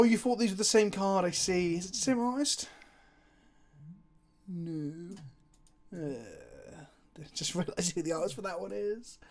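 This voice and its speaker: A man's voice: sits high, creaky. A man streaming a card game live, chatting casually, swearing freely and answering viewers' chat as he plays.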